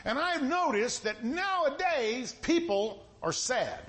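A middle-aged man preaching a sermon in a folksy, conversational way, with a voice that sounds stern even when he is not angry. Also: extremely high pitch, slow.

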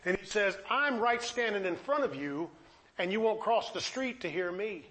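A man's voice: sits high, animated, moderate pace, sharp tone. A man preaching a sermon, impassioned and pleading, firing off rhetorical questions.

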